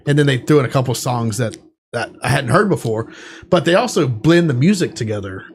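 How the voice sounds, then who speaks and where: A man's voice: mid-range voice, lively intonation, a little fast. A man co-hosting a podcast in casual chat, telling a rambling story with lots of fillers in a studio. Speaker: podcast co-host. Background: music playing.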